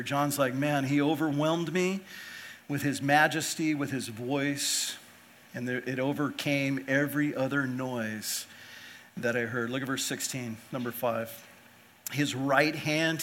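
A man delivering a sermon, his voice bright and forceful with a slightly raised pitch. He reads scripture in earnest tones, builds to emphatic swells and then drops back to a soft, intimate delivery. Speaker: pastor.

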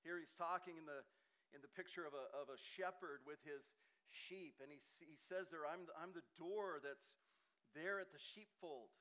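A man's voice: on the high side, moderate pace, sharp tone. A man preaching a Sunday morning sermon in a church, earnest and conversational, often restarting his phrases. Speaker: pastor. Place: church sanctuary with a ringing sound system.

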